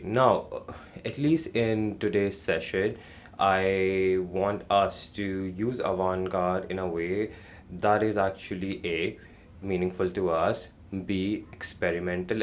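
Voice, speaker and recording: Man, deep low voice, lecturer, fillers and restarts, faint background noise. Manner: thinking aloud with many fillers and restarts. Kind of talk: classroom lecture.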